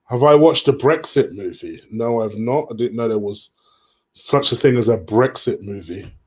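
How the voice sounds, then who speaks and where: A man hosts a relaxed live stream and answers viewer questions as he goes. He talks in a loose, chatty way at a middle pitch. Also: moderate pace, slightly rough. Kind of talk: casual live stream chat.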